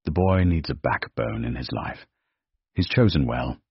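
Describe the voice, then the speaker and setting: A man voicing a formidable old society lady who speaks gruffly and bluntly. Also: rumbling low, expressive, unhurried, no echo, lo-fi sound, full character voice. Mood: gruff approval.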